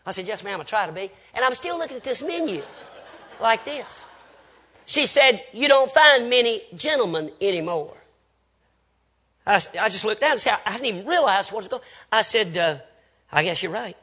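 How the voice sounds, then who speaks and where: A man's voice: high voice, big pitch swings, normal speed, pushed and bright, husky. A Baptist preacher man, telling folksy anecdotes with quoted dialogue in a storytelling sermon.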